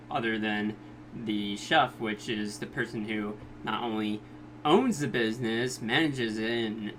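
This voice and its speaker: Male reviewer, slow unhurried delivery, mid pitch, casual recap tone, faint hum behind. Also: fairly bright tone. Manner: laid-back, chuckling, slips into exaggerated quoted voices. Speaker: anime reviewer.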